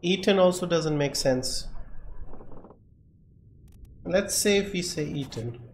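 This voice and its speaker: Male streamer, unhurried, puzzles aloud and mutters to himself; roomy echo, faint hiss. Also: on the high side. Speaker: game streamer. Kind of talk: live gameplay commentary. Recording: echoey room, faint background noise.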